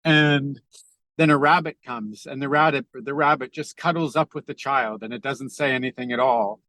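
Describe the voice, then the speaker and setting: A man's voice: mid-range voice, bright, forceful tone, no room sound. Earnest middle-aged man on a video call. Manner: earnest, halting, with frequent fillers and restarts. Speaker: podcast guest, author. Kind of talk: reflective conversational talk.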